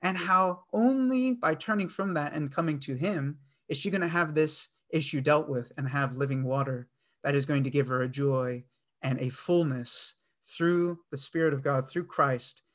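A man's voice: on the high side, normal speed, a bit bright. A middle-aged man preaching a sermon in an earnest way, with frequent fillers and restarts. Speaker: pastor.

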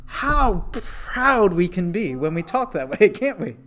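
A man's voice: sits high, big pitch swings, slow pace. A man teaching a Bible study in a conversational way, often asking rhetorical questions.

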